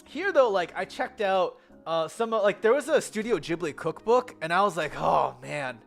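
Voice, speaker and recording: A young American vlogger rambles about a trip in an easy, chatty way. The voice swings up and down with plenty of animation, and the talk is packed with fillers and quick self-corrections, while soft music plays underneath. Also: medium pitch, big pitch swings. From United States. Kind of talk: casual travel vlog chat.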